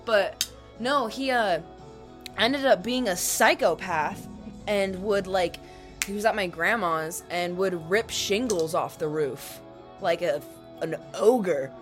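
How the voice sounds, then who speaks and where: A woman's voice: medium pitch, slow, faint music behind. A woman co-hosting a podcast, telling stories in a blunt, profane, laughing chat. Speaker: podcast co-host. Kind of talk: casual chat.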